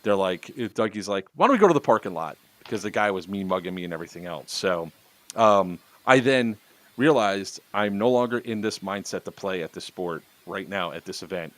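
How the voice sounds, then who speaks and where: A man's voice: low-pitched, moderate pace, no echo. A man hosting a casual podcast chat, telling a story loosely with plenty of swearing. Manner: storytelling with profanity and laughs. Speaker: podcast host.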